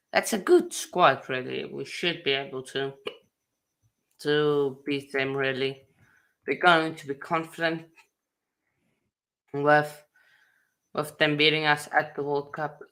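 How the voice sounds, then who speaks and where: A man hosting a casual sports chat, halting and full of fillers and restarts. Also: on the high side, gravelly, bright, forceful tone. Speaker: host.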